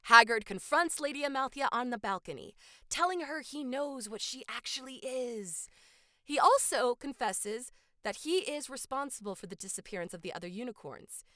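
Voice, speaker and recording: A woman co-hosting a podcast, recapping a film's plot in a casual, animated storytelling way. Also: sits high, normal speed, no echo, clean studio sound. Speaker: podcast co-host. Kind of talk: casual film recap chat.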